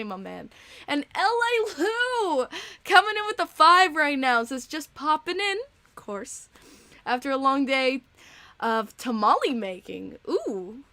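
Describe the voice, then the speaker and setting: High-voiced chatty young woman host. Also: pushed and bright, no room sound. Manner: chatty, laughs often, gets emotional. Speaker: podcast host reading donations. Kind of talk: casual live-stream chat.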